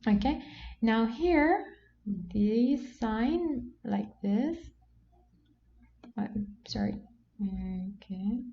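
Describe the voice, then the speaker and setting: A woman teaching a Quran reading lesson, patient and explanatory, who often says okay and slows down to model words. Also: fairly high pitch, expressive. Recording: dull lo-fi sound with faint background noise.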